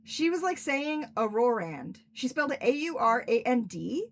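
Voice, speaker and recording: A woman's voice: high voice, lively intonation, normal speed, a little hiss or hum. A young woman, an author, chatting casually and rambling on a livestream, laughing often. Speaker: author and streamer.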